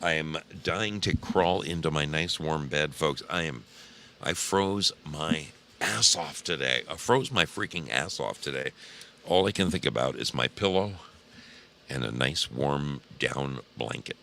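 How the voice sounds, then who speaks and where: A man's voice: a bass voice, unhurried, vocal fry, bright, forceful tone, a little hiss or hum. A tired man hosting a casual livestream, chatting with viewers and reading their names, drawling and swearing freely. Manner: drawling, profane, talks to chat by name. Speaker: livestream host.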